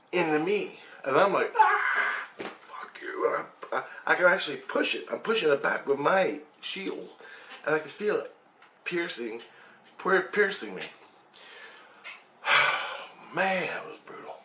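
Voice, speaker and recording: A man's voice: fairly high pitch, bright, forceful tone. A man intensely recounting a personal experience, emphatic, swearing and making sound effects as he tells it. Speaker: storyteller. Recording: roomy sound with faint background noise.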